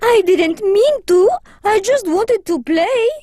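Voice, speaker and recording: Pleading cartoon pup, very high, dry and close. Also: female voice, takes it slowly, no room sound, heavily acted. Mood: excited. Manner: pleading, excitable. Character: playful, clumsy young dog, eager for fun. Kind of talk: cartoon voice acting.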